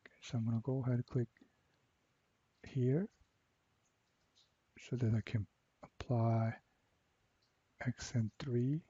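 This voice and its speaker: A man walking through a software assignment step by step, repeating each instruction slowly. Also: mid-range voice, fairly even intonation, breathy edge, no room sound, lo-fi sound. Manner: slow, step-by-step, repeats cell names. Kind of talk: screen-recorded software tutorial.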